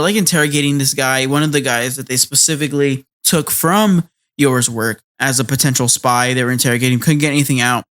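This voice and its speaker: A man's voice: medium pitch, clear, resonant tone. A man co-hosting an anime podcast, recapping episodes in casual chat and acting out the characters' lines. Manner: animated, acts out characters' lines while recapping. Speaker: podcast co-host.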